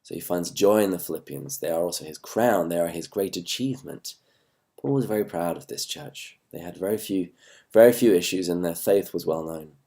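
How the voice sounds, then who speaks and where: Deep-voiced Englishman with a worn voice. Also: creaky, mellow. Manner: measured, earnest, with slow stresses on key words. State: voice worn from recent illness. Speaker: host and Bible teacher. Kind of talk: Bible study talk. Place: home.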